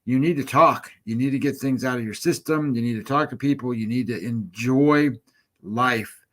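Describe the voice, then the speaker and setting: A man co-hosting a betting show delivers an earnest, coaching-style motivational talk. He leans on fillers and restates his points over and over in a voice of middling pitch. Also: normal speed, fairly bright tone. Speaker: sports betting show co-host.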